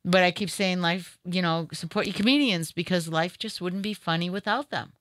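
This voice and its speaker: A woman's voice: fairly low pitch, moderate pace, no room sound. A woman with a Boston accent, a radio host, chatting effusively and stammering over repeated words. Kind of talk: casual chat.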